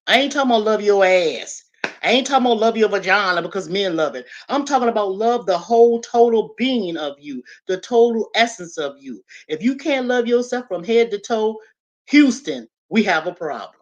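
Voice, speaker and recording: A woman's voice: medium pitch, animated, brisk, muffled recording. Emphatic woman preaching to her viewers. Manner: emphatic and repetitive, talks straight to the audience. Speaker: livestream host giving a motivational talk. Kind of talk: casual preachy monologue to viewers.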